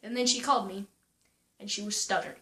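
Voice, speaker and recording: A young woman vlogging casually, retelling a story with lots of "like" and quoting people in a higher voice. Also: steady tone, fast talker, fairly bright tone. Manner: chatty, full of "like" and "I'm like", quoting others in a higher voice.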